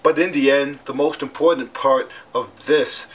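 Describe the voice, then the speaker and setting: A man's voice: medium pitch, fairly even intonation, normal speed, loud music behind the voice. A young man vlogging to camera in a chatty, self-mocking way while he has a cold. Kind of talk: casual vlog talk to camera.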